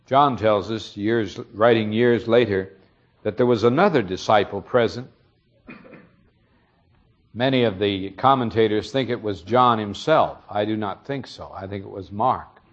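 A man's voice: on the low side, a little slow, highs cut off. A man preaching a sermon, retelling a story earnestly and explaining it, his emphasis rising on key moments.

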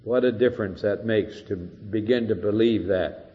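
A man's voice: fairly low pitch, moderate pace, in a large hall. An older man preaching an earnest expository sermon, rising to emphatic peaks, on a dull old recording.

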